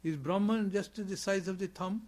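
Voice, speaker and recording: Speaking in a high, slightly mellow voice at a moderate pace, a man chants Sanskrit verses and explains the scripture in somewhat imperfect English. His spiritual talk relies on repeated points and rhetorical questions.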